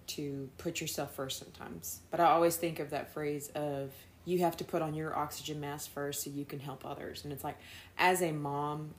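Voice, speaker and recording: A young woman talks about motherhood in an earnest way, with dry humor at her own expense. Her voice is low for a woman. Faint background noise sits under the recording. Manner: earnest but quick to laugh, dry self-deprecating humor. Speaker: podcast co-host. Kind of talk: casual chat.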